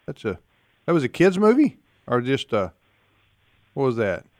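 A man's voice: mid-range voice, sing-song, moderate pace, no echo, clean studio sound. A man hosting a call-in trivia radio show in a folksy manner, taking callers and reading out phone numbers. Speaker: radio host. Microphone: studio mic.

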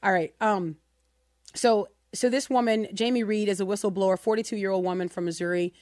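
A woman's voice: medium pitch, steady tone, fairly quick, darkish tone, dry recording. A woman hosts a Christian talk radio show, pressing her points with passion and feeling. Her voice sits in the middle of the range and sounds close and dry, with little room around it. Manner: passionate, emotional, emphatic.

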